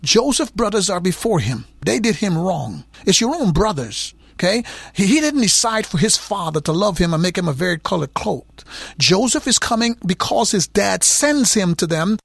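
High, lively male preacher with gravelly edges. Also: normal speed, no echo. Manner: emphatic Bible teaching, repeats words for effect. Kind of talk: sermon.

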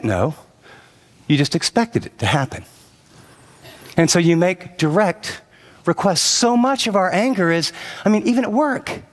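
This middle-aged pastor's voice is sing-song, at normal speed with frequent pauses, and long hall reverb fills the big church auditorium. Sharing a tale from his marriage, he moves into exhortation, growing more intense and rising in pitch.

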